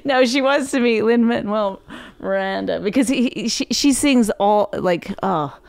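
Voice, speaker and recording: A woman's voice: medium pitch, lively intonation, a little slow, vocal fry, darkish tone, no room sound. A woman in her forties, a comedian guest on a podcast, chatting wryly and laughing often. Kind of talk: casual chat.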